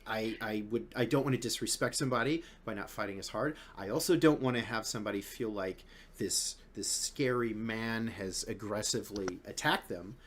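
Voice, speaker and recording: A man's voice: fairly low pitch, moderate pace, a bit bright. A man hosting a podcast in casual chat, rambling and swearing, full of restarts. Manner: rambling, profane, many restarts. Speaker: podcast host.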